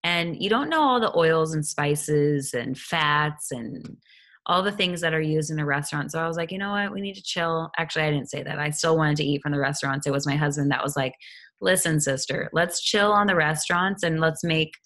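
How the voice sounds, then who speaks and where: A woman's voice: deep voice, brisk. A woman who works as a hypnotherapist, chatting casually about her week and acting out what she and others said. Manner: chatty, animated, acts out what people said. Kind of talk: casual personal chat.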